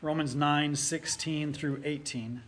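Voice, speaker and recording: A man's voice: a little high, steady tone, slow pace, fairly bright tone, a little hiss or hum. A man preaching a sermon as pastor, reading scripture aloud with rising force and then explaining it plainly.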